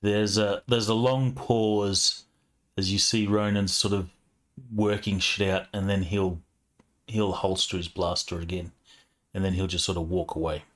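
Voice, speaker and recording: A man with a very deep voice serves as game master for a tabletop session. He narrates in a relaxed, chatty way, with plenty of ums and loose phrasing. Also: measured pace. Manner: relaxed, conversational, with frequent fillers.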